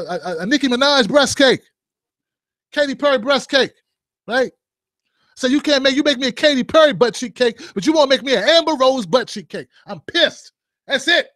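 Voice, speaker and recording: Male vlog host, high voice, joking opinionated commentary with rhetorical asides. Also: dry recording, clean studio sound.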